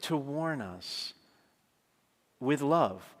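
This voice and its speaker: A man delivering a sermon in a relaxed, conversational way, weaving in personal stories and frequent asides to the congregation. His voice sits at an ordinary middle pitch. A long reverb trails his words through the big church. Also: very slow. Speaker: preacher. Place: large church.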